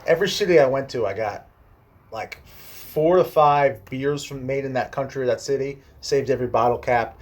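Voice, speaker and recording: A young man, a guest on the show, telling a personal travel story in a casual, animated way. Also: mid-range voice, normal speed. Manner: animated storyteller who acts out quoted people.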